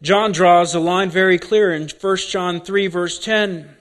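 A male preacher with a fairly high voice delivers a sermon at an unhurried pace. He is deliberate and often repeats key words to drive a point home. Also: fairly even intonation.

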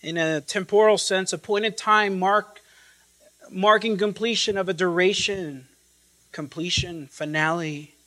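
A high-voiced man preaches an expository sermon at an unhurried pace with fairly even intonation. He is emphatic and repetitive, shifting from loud declarations to hushed lines and lingering on quoted scripture and Greek words, and the recording is low in quality.

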